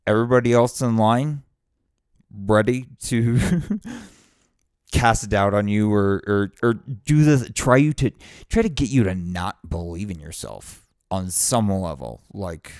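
A man with a low voice delivers a blunt, profane, fired-up pep talk to the camera. The sound is dry and close, with no room echo. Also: takes it slowly, darkish tone. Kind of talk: casual motivational monologue.

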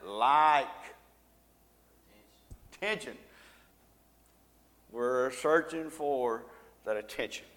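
A man teaches scripture to a group in a casual, back-and-forth way. He keeps pausing to quiz his listeners, waiting for them to fill in the answer. His voice carries with a long reverberation, as if spoken in a large hall. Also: mid-range voice, a bit bright. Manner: conversational, quizzes listeners with fill-in questions. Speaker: Bible study teacher. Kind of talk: informal Bible lesson to a group.

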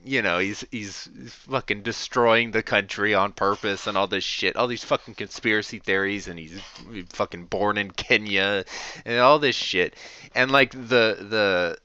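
A man's voice: lowish voice, unhurried, pushed and bright, clean tone. A man hosting a podcast, venting in a rambling, profane, casual monologue full of fillers and short laughs. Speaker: podcast host. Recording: dull lo-fi recording.

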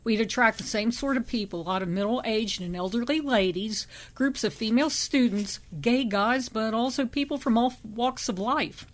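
A woman narrating a first-person memoir audiobook in a steady, measured reading voice. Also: a little high.

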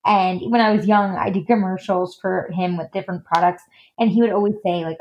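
A woman's voice: on the low side, steady tone, fairly quick, darkish tone. A woman guest in a casual podcast interview, chatty and full of "like" and "um" fillers. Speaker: guest, stylist and designer.

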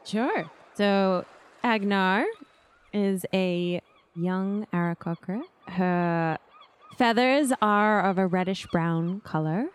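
A woman's voice: mid-range voice, takes it slowly, smooth. A woman player describing her character in a tabletop game, thoughtful and laughing now and then.

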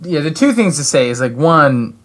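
A man's voice: on the high side, sing-song, normal speed. A man co-hosting a casual chat, hesitant and searching for words, with many "like" and "um". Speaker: podcast co-host discussing a game.

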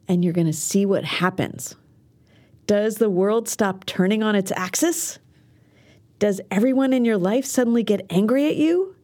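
A woman's voice: medium pitch, warm tone. A middle-aged woman hosting a self-defense podcast, delivering an earnest, encouraging scripted monologue.

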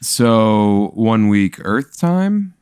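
A man playing an improvised tabletop game, answering with deadpan, quick quips. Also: lowish voice, clear, resonant tone, no room sound, clean studio sound. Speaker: player. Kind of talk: casual improvised play.

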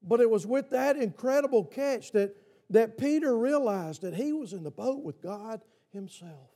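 A man's voice: very high-pitched, expressive, normal speed, mellow. A man preaching a sermon to his congregation, who keeps asking them questions. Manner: asks the congregation repeated questions. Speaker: pastor. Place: church.

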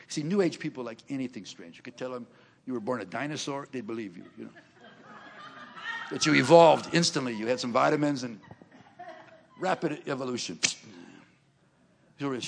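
A man's voice: mid-range voice, a little fast, creaky, pauses often, slightly rough. An older man preaching a sermon, telling stories in a chatty way, laughing between lines and acting out the people he quotes. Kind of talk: sermon storytelling.

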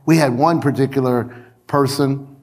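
A middle-aged male pastor preaching a sermon in a church, animated, repeating phrases for emphasis and calling out to his congregation. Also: mid-range voice, unhurried. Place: church sanctuary.

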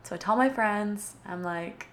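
Young woman chatting to camera, bubbly storytime, says like a lot, mid-pitched voice. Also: unhurried. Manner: chatty, bubbly, filler-heavy with frequent "like". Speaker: vlogger. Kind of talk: casual storytime.

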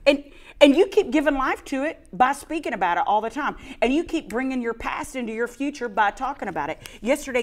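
A woman co-hosts a casual faith program, telling a personal story. She is animated and self-mocking. She does a whiny crying voice when she quotes her past self. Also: a little high. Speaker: co-host sharing a testimony. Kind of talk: casual faith talk show.

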